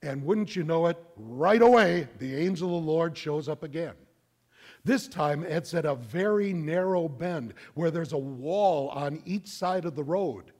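A middle-aged man preaching a sermon, telling a story in an animated, conversational way. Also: a little high, unhurried. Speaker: pastor.

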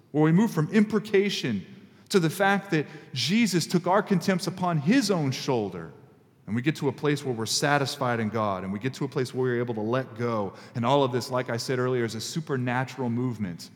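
Conversational preacher in a reverberant hall. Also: male voice. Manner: conversational, emphatic, with sudden pitch jumps. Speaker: pastor. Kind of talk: sermon.

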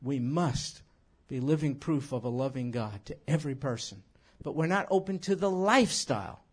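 A man teaching scripture in an animated sermon, emphatic and full of rhetorical questions. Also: medium pitch, normal speed, breathy edge. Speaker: Bible teacher.

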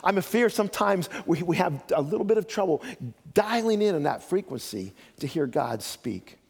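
A man's voice: sits high, big pitch swings, normal speed, vocal fry, a little mellow, breathy edge. Older man, pastor, sermon, folksy joking storyteller, long hall reverb.

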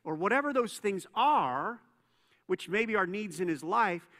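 A man preaching a sermon as a pastor, conversational and playful, telling stories with quick asides. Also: high-pitched, animated, sharp tone. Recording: long reverb in a church hall.

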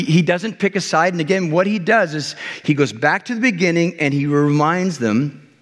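A pastor preaching a conversational sermon, joking with the congregation and acting out quotes. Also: male voice, a little high, in a large hall. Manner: conversational, jokey, with many restarts and acted-out quotes.

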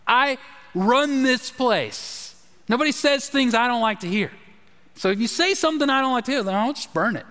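A man's voice: very high-pitched, animated, normal speed, pushed and bright, voice pushed up, full character voice. A man voicing an arrogant male king who dismisses any warning in a brash tone. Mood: defiant. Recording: long hall reverb.

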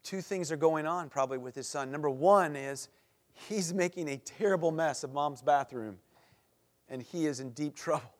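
A man preaching to a men's group, telling a story with lively voices and closing in a soft, earnest prayer. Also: a little high, normal speed.

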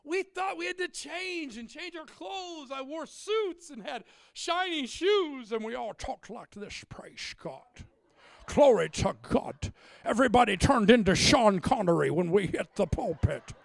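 A middle-aged man preaches with a strikingly high, lively voice, joking with the crowd and swinging from shouts to quiet asides. The sound is close and dry, with no room around it. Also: moderate pace, vocal fry, few pauses, dry recording. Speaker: pastor. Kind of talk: humorous sermon.

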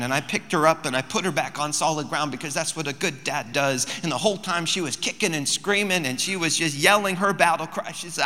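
A man in his thirties, a pastor preaching a sermon, telling a family story and then rising into loud, emphatic preaching in a large church hall. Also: on the high side, quick pace, few pauses.

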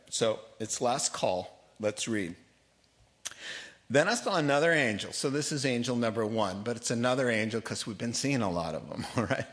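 Guy preaching a bible study, medium voice, jokey and lively, laughs a lot. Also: mid-range voice. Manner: lively, jokey, reads scripture aloud, laughs often. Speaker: pastor.

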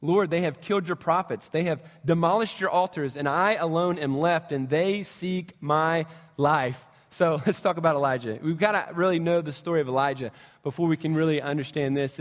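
A man preaching a sermon as a pastor, telling a scripture story in a lively way and acting out the quotes. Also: a little high, in a large hall. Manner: animated storytelling, acts out quotes.

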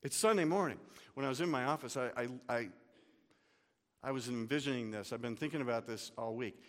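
A man's voice: medium pitch, brisk, big-room sound. A male pastor preaching a sermon, telling the story vividly and dropping casual asides.

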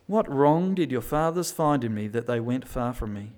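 A man preaching a sermon, moving between quiet reflection and loud, emphatic pleading. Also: medium pitch, animated, moderate pace.

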